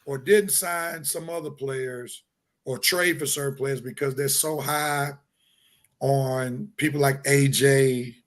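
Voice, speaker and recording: A man co-hosting a live sports stream, reading out comments and laying out his view with steady, measured reasoning. His voice is mid-pitched for a man, with the odd filler as he thinks aloud. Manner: measured and analytical, with fillers and restarts. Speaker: sports show co-host. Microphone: video call.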